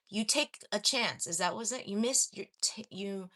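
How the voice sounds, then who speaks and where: A woman's voice: fairly high pitch, unhurried, few pauses, fairly bright tone. A young adult woman from Los Angeles chatting casually on a livestream, reading viewer comments and laughing at herself often. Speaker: livestream host.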